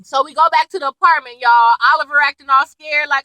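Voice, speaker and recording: A woman's voice: sits high, quick pace, few pauses, dry recording, poor audio. A woman, chatting casually as she recaps a TV episode, acting out lines as she goes. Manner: chatty, animated retelling with quoted lines and laughs. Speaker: TV recap vlogger.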